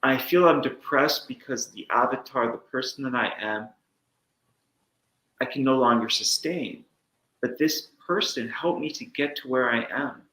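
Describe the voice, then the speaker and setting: A man's voice: mid-range voice, a little slow, bright, forceful tone, roomy sound, rough recording. A man chatting as a show guest, earnest and reflective, sometimes acting out little inner voices. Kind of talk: casual chat.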